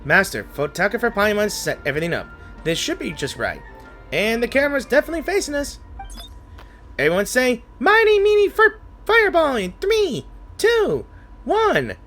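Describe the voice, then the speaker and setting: A gamer reading a game's dialogue aloud, voicing a small excitable female companion in a high, childlike put-on voice. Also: brisk, soft background music. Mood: cheerful. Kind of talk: voicing a game character's lines.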